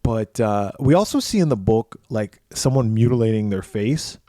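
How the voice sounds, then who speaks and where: A man's voice: lowish voice, lively intonation, moderate pace, dark tone, no echo, studio quality. A man co-hosting a podcast, recapping a horror film in a rambling, profane way. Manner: profane, rambling retelling with restarts. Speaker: podcast co-host. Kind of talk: casual film recap chat.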